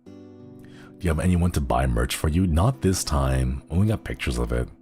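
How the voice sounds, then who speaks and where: A young man with a very deep voice chatting casually on a livestream, rambling and giggling as he jumps between thoughts. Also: lively intonation, moderate pace, darkish tone, faint music behind. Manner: rambling, giggly, easily sidetracked. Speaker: streamer.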